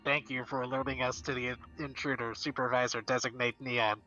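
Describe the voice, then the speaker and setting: Man doing a stiff security robot, deep and formal, bright edge to the voice, faint music under it. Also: a little fast, dull audio, natural voice. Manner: flat, formal machine phrasing.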